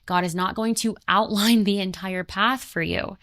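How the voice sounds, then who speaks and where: A woman's voice: mid-range voice, steady tone, moderate pace, a bit bright, no echo. A woman in her twenties speaks in an earnest, conversational spiritual talk, pressing her points through emphatic repetition. Her voice sits in a middle range for a woman. The recording is dry, with no room sound around her. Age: 20s.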